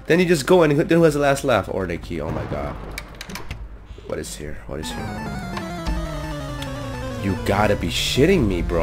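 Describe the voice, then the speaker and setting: In a hot room at home, a gaming YouTuber with a low voice speaks briskly but leaves long pauses, faint music playing behind him. He casually narrates his let's-play for viewers, talking to himself as he loots and startling easily with jumpy, excitable outbursts.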